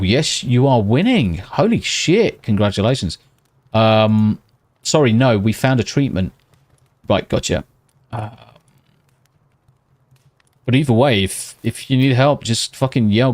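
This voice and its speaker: A British man streaming live from home at night, chatting casually with viewers, swearing constantly and talking slightly quietly. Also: on the low side, slow, long pauses, no room sound.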